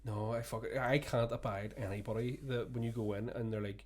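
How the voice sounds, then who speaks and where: A man's voice: mid-range voice, fairly even intonation, fairly quick, few pauses, darkish tone. A man co-hosting a podcast, chatting casually, swearing freely and laughing through his stories. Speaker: podcast co-host. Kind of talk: casual chat.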